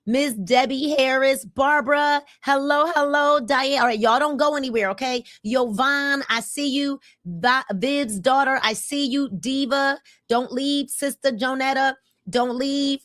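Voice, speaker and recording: A woman in her fifties hosting a casual livestream, energetic and repeating calls for viewers to comment. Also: high voice, unhurried, no room sound, studio quality. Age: 50s. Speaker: livestream host.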